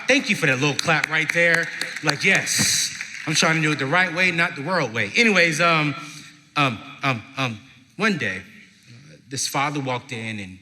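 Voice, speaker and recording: Bright-voiced man speaking in a hall. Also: medium pitch. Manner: emphatic storytelling with slow, dramatic pauses. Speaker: motivational speaker at a parenting event. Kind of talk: live inspirational talk to an audience. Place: large event hall with live audience. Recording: long hall reverb from a live venue.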